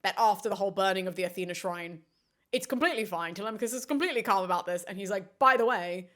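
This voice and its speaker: A young adult woman, a classicist host, giving an enthusiastic film analysis with quick asides and acted-out lines. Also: mid-range voice. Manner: animated, quick asides, acts out characters' lines.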